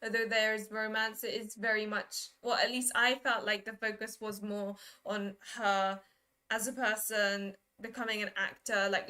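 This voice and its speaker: A woman's voice: mid-range voice, sharp tone, smooth. A young woman chatting casually on a live stream, giggling often as she reads and answers viewers' messages. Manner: giggly, reads and answers chat, plays with pronunciations.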